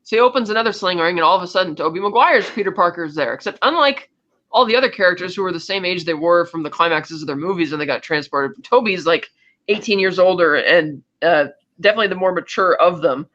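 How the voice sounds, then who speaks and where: A high, bright-voiced man who talks fast and rattles through a movie plot in a casual review chat, slipping into quick impressions of the characters as he goes. The sound is dull and lo-fi. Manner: rapid plot recap acting out characters' lines. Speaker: podcast co-host.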